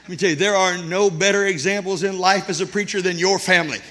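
A middle-aged male pastor, preaching a sermon, rousing the church to shout amen and then telling folksy family stories. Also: high voice, steady tone, fast. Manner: exhorting, calls for shouts and amens; folksy storytelling with his congregation.

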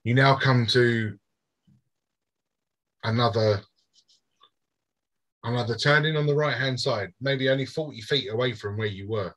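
A man running a tabletop game as game master, narrating in a casual, halting way. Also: medium pitch, fairly bright tone, rough recording.

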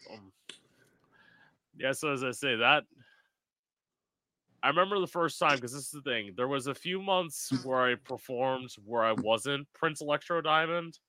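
A man hosting an interview, chatting quickly and casually, with some swearing. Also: mid-range voice, pushed and bright, no echo. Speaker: podcast host, drag performer. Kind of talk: casual chat.

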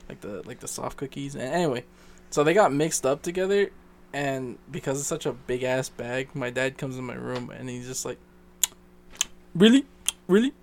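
A young man co-hosting a casual podcast, telling a story with lots of swearing and high squeaky jumps when he quotes people. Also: normal speed, slight background noise. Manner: swearing, animated, leaps to a squeaky pitch when quoting others. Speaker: podcast co-host.

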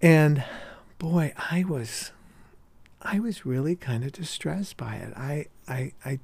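An older man telling stories from his high school years, rambling and halting, with restarts and chuckles. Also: lively intonation, creaky, a little mellow, slightly rough, no echo. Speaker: storyteller recalling his youth. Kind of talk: personal reminiscence.

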